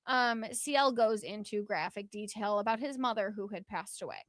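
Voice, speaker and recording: In a dry recording, a podcast host with a mid-range voice tells a story at normal speed. The chat is casual and animated, full of filler words and acted-out quotes.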